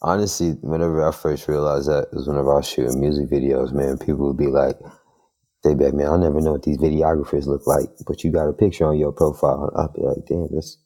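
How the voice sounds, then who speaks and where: Super deep mellow guy, flat delivery, chill guest vibe. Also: fast. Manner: relaxed, brief reactions. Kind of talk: casual chat.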